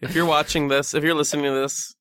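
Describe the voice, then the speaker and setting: A young man co-hosting a podcast in casual comedic chat, teasing, reacting fast and laughing often. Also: on the high side, flat delivery, a bit bright, clear, resonant tone, no room sound, clean studio sound. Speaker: podcast co-host.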